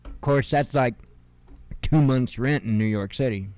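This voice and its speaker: A man's voice: mid-range voice, a little slow, darkish tone, clear, resonant tone, dry recording. A man in his fifties hosting an independent news show, reading headlines aloud and adding sarcastic asides and chuckles. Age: 50s. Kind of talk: casual headline reading with commentary.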